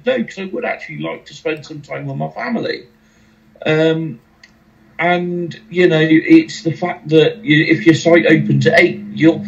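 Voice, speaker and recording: A man's voice: fairly high pitch, vocal fry, muffled recording. A male podcast host talking casually and wryly about running a site.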